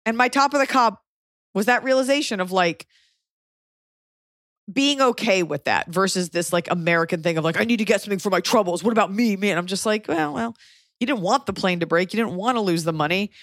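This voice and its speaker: Lively storytelling woman host, dry sound. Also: mid-range voice, brisk, no room sound. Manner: animated storytelling, acting out quotes. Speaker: comedian podcast host. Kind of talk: casual chat.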